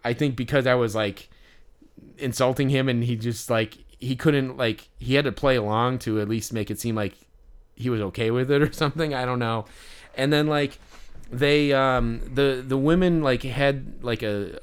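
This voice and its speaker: A man with a clean-toned, mid-range voice co-hosts a podcast at a moderate pace. Between casual chat, he rambles through stories with plenty of fillers and restarts, getting animated as he tells them.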